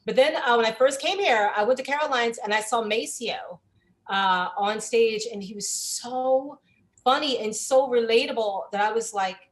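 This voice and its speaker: A woman's voice: a little high, moderate pace. Slangy woman comedian, laughing as she talks. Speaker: comedian co-host. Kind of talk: casual panel chat.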